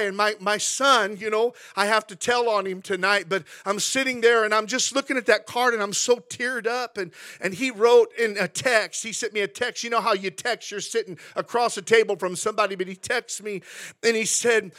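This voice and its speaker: High, bright-voiced male pastor preaching. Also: normal speed. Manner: emotional, preaching with rising fervor and repetition. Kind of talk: sermon. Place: church.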